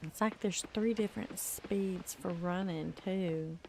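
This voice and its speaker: A woman's voice: on the low side, a little slow, mellow, slight background noise. Tired woman streaming a game. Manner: chatty, talks to chat and to herself while playing. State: tired with a headache. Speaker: let's play streamer. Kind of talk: casual gameplay commentary.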